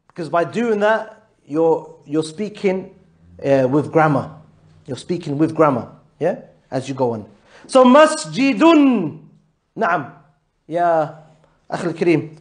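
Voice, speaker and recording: A man teaching a live Arabic grammar class, patiently quizzing his students and mixing English with Arabic terms. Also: sits high. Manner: patient, drills students with repeated questions.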